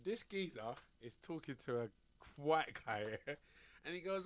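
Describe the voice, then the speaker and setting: A man's voice: a little high, animated, moderate pace. A male radio sports show host, rambling in slangy studio banter and laughing often as he tells stories.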